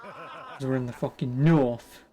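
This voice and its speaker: A man's voice: medium pitch, steady tone, measured pace, a crowd in the background. A man commenting casually over a game he plays, joking and swearing. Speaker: gaming streamer. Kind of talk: let's play commentary.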